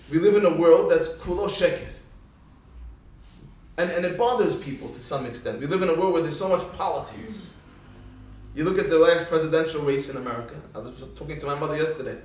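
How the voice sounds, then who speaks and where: A man giving a religious talk, telling funny stories and acting out the dialogue. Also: sits high. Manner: jokey storyteller acting out dialogue. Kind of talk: storytelling Torah talk. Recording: echoey room, voice from far off.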